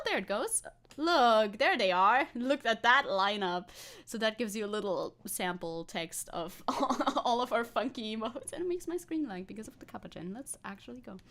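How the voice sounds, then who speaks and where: A woman's voice: medium pitch, a bit bright. A woman streamer chatting casually with her viewers, rambling and laughing often as she types. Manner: rambling, giggly, talks to chat while typing. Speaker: VTuber streamer. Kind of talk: casual live-stream chat.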